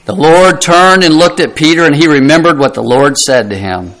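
A man's voice: a little high, moderate pace, a bit bright, low-quality recording. A middle-aged man preaching a sermon, earnest and emphatic, asking rhetorical questions and dropping his voice for effect. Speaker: pastor.

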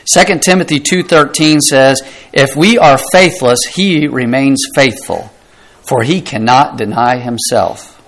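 Male pastor, middle-aged, mid-high voice; earnest, emphatic sermon delivery with rhetorical questions. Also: rough recording. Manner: earnest, emphatic preaching with rhetorical questions and quiet dramatic drops.

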